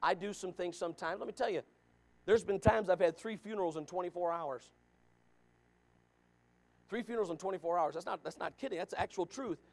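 A pastor preaching a sermon with emphatic repetition, calling out listeners by name. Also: male voice, sits high, a little fast, creaky, pauses often. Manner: emphatic, repeats lines, calls out listeners by name.

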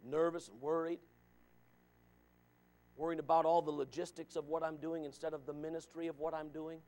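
Pastor, male, high-pitched; fervent preaching style that repeats and addresses listeners. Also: little pitch movement, moderate pace, darkish tone. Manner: emphatic, repeats lines, calls out listeners by name. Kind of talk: sermon.

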